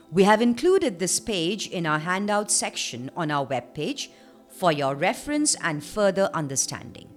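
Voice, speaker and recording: A woman presenting a scripted online lesson as a trainer, with a clear, measured teaching delivery. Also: fairly low pitch.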